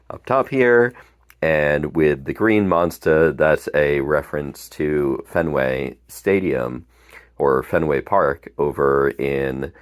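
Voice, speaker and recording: A man casually unboxing and talking through a collectible beer tap handle, relaxed and rambling with small laughs. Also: extremely low pitch.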